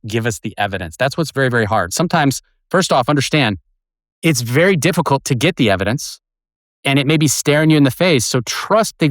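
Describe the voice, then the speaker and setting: Middle-aged man explaining with animated examples. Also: medium pitch, dry recording, studio quality. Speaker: guest, retired federal agent and author. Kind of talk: podcast interview, explanatory.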